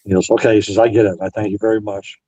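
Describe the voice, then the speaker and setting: A man's voice: fairly low pitch, level tone, rapid-fire, dark tone, slightly rough, no room sound, muffled recording. A Navy veteran man in an interview, earnestly retelling past conversations and quoting both sides. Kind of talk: storytelling interview.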